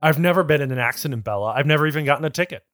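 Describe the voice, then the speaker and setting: Guy reading a cocky vampire teen, cool and offhand, pretty flat. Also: a little high, rapid-fire, no echo, studio quality, natural voice. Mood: smug. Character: smug teenage vampire boy driving fast.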